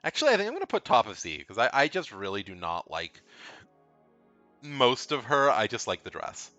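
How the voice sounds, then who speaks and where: Bright-voiced man in casual game commentary. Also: medium pitch, wildly swooping pitch, moderate pace, dry recording, muffled recording, faint music behind. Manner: rambling, repeats himself, frank and blunt. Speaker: video game tier list creator.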